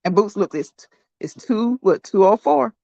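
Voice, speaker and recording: A woman's voice: mid-range voice, expressive, unhurried, gravelly, mellow, no echo. A woman hosting a casual livestream, chatting to her viewers, laughing often and repeating herself. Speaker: livestream host. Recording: dull, dry lo-fi sound.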